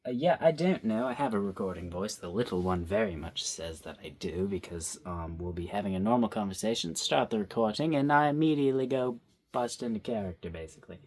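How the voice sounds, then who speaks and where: A man's voice: deep voice, animated, fairly quick, few pauses, a little mellow, breathy edge. Young man rambling while drawing. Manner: rambling, self-talking, playful. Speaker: vlogger drawing. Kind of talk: casual drawing commentary. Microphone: phone.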